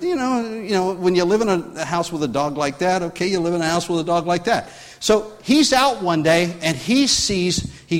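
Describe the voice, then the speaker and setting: A pastor preaches a sermon in a high, very animated voice full of swoops, his rambling story marked by restarts and asides before he builds in force to drive his point home. A long reverb makes it sound like a church sanctuary.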